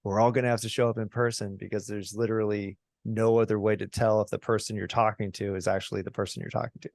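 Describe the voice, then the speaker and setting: Male podcast host, low gravelly voice, easygoing and conversational, dry close mic. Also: fast, no echo. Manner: relaxed, chuckles often, acts out his own inner thoughts. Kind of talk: casual conversational interview.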